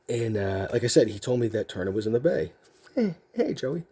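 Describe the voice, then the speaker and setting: A man's voice: lowish voice, fairly even intonation, fast, warm tone, breathy edge. A man telling a story casually as a card video host, rambling with lots of fillers and restarts.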